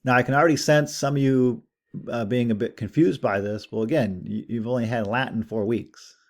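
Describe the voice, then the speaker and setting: Gravelly, relaxed male Latin teacher. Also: mid-range voice, fairly quick. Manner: relaxed, conversational, thinks aloud with fillers. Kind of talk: recorded lecture over screen share.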